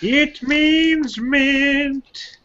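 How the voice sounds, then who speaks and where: A man putting on a squeaky, slow falsetto voice as a silly goofball. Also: bright, forceful tone, muffled recording, heavily acted. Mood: goofy. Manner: drawn-out, slow, goofy.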